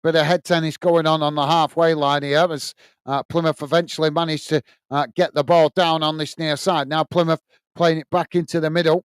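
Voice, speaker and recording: A man's voice: on the high side, level tone, a little fast, clean tone, no echo, clean studio sound. A British man hosting a live football watch-along, calling the play and chatting casually with viewers. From United Kingdom. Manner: reads viewer comments aloud and calls the play casually. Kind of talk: live match commentary.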